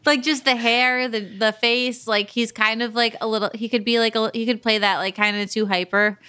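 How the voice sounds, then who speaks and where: Female co-host, loose and chatty, filler-heavy; bright, fairly high voice. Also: fairly even intonation, normal speed, smooth. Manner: loose, rambling, lots of "like". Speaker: podcast co-host. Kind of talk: casual book chat.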